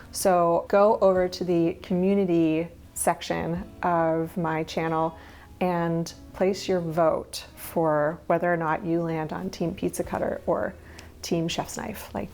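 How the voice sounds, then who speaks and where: This minimalist lifestyle vlogger, a woman in her thirties, has a fairly low and slightly mellow voice. Chatting candidly about her minimalist habits, she slips in little laughs and side comments.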